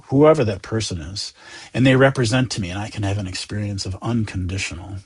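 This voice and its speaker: A man from the United States, a Zen teacher talking as a guest in a gentle, earnest, reflective way. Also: on the low side, fairly quick, slightly rough. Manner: earnest, gentle, animated, often voicing inner thoughts. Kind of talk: reflective conversation.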